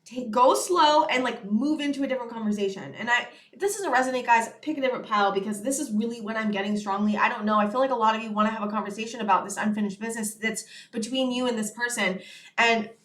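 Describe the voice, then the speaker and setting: A woman's voice: fairly high pitch, fast, fairly bright tone. Earnest woman tarot reader, echoey room. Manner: earnest, rambling, many fillers like "you know" and "it's like". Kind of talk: casual channeled tarot reading to camera.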